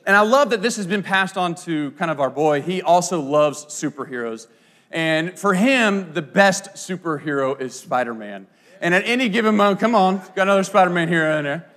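A man's voice: high-pitched, moderate pace. A man in his thirties preaching a sermon, telling playful stories with many asides. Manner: animated, playful storyteller with frequent asides. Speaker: pastor. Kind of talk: sermon with storytelling.

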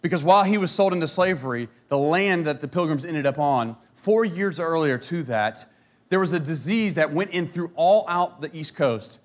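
A man telling a history story in a casual, animated way, with fillers, asides and a joke now and then. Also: fairly high pitch, normal speed. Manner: animated, conversational, jokes and asides.

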